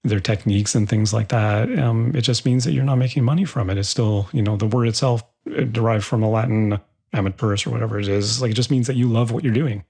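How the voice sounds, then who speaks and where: Gravelly-voiced male podcast host. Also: lowish voice, steady tone, fast, darkish tone. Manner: rambling, many restarts and fillers. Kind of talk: casual interview chat.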